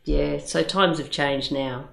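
An older woman with a slightly low voice hosts a casual chat. She talks frankly and chatty, with easy swearing. The recording has a roomy echo. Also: steady tone, takes it slowly, gravelly.

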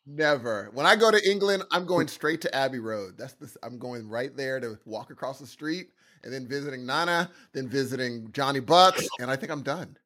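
A man's voice: mid-range voice, moderate pace, sharp tone. A man hosting a casual podcast chat, playful and self-mocking.

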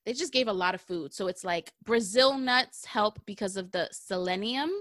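A woman's voice: mid-range voice, normal speed, a bit bright, dry recording, studio quality. A woman in her thirties hosting a podcast, chatting casually and slangily about skincare, laughing often. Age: 30s. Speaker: podcast host. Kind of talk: casual chat.

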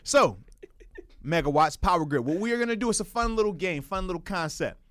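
Hyped-up high-voiced radio co-host man. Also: expressive, fairly quick, fairly bright tone, no echo. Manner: hype, playful, laughs often. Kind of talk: casual sports radio chat.

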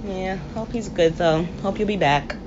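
A woman co-hosting a casual sports chat, animated and trash-talking, often laughing at her own jokes. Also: medium pitch, normal speed, over a noisy crowd. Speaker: podcast co-host. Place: late-night home podcast recording. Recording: dull lo-fi recording with faint background noise.

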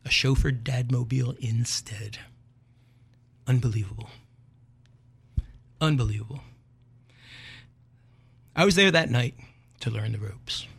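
An older man hosting a show, telling a comic story in a wry, animated way and chuckling at his own tale. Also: mid-range voice, moderate pace, vocal fry, husky. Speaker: podcast host.

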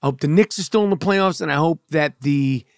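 A man's voice: on the high side, a little fast, dry recording, studio quality. A man with a New York accent hosting a podcast, ranting heatedly with lots of profanity and stammered restarts. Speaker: podcast host. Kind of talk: casual monologue rant.

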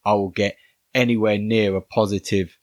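A man thinking out loud about a film's tension and dialogue on a podcast, earnest and full of restarts. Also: lowish voice, flat delivery, normal speed, no room sound, studio quality. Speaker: podcast co-host. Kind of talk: casual film review chat.

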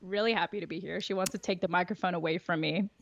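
A woman's voice: on the low side, steady tone, fast, dull audio, a little hiss or hum. A woman talking openly and reflectively as a podcast guest, laughing often. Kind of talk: casual conversation.

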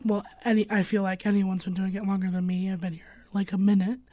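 A woman hosting a podcast in a casual chat, her voice hoarse from laryngitis, joking about herself. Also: mid-range voice, flat delivery, fairly quick, dark tone, no room sound. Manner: self-deprecating, joking. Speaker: podcast host.

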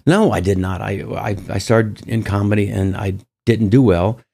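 A middle-aged man, a comedian guest in an interview, telling stories in an animated way with many restarts. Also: on the low side, moderate pace, vocal fry, husky. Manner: animated, acts out quoted voices, many restarts. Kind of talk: casual storytelling interview.

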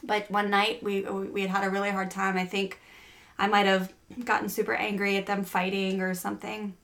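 A middle-aged woman hosts a casual parenting podcast, telling a family story chattily with lots of fillers and restarts. Her medium-pitched voice is monotone yet fairly bright, at a normal speed.

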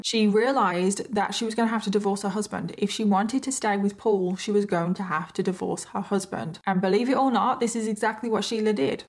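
A British woman hosts a true crime podcast in a chatty, conversational tone. Her voice sits at a middle pitch for a woman, and she often turns to the listener with direct asides while telling the story. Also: fairly even intonation, brisk, few pauses.

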